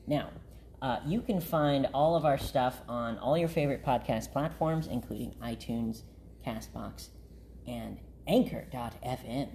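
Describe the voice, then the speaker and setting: A man's voice: mid-range voice, unhurried, vocal fry, warm tone, slight background noise. A man hosting a podcast in casual chat, with a playful, grandiose manner and plenty of "uh" fillers. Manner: playful, grandiose self-introduction with frequent fillers. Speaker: podcast host.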